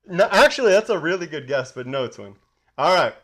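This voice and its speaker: A man hosts a relaxed movie trivia chat, his voice swinging up and down with animated energy. He sits a little high in pitch for a man and laughs often while he talks. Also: brisk. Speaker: podcast co-host. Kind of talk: casual chat running a movie trivia game.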